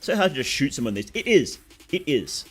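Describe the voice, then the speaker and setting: A man's voice: medium pitch, sing-song, a little fast, husky, soft background music. A young Australian man with a sore throat chatting casually on a game stream, reading out chat and answering it.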